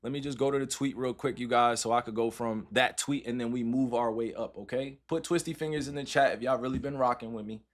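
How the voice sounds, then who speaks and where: A man's voice: mid-range voice, steady tone, fast talker, few pauses. A man in his thirties casually talking to his livestream chat, loose and repetitive, often tagging his sentences with "right?" and "all right?".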